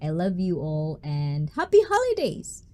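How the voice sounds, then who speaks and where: A woman's voice: sits low, huge pitch swings, measured pace, mellow. A woman hosting a live stream, chatting casually with viewers, giggling and teasing as she signs off. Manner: giggly and teasing, laughing often.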